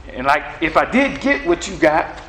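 A middle-aged man preaching a sermon in a lively, conversational way, acting out back-and-forth dialogue. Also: a little high, normal speed, a little hiss or hum, low-quality recording. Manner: animated, conversational, acts out dialogue with God.

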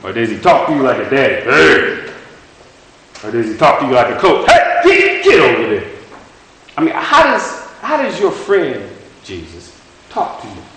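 A man preaching a sermon in a folksy, halting way, often restarting and repeating words, and putting rhetorical questions to his listeners. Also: mid-range voice, sing-song, fairly bright tone. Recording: very echoey room with faint hiss.

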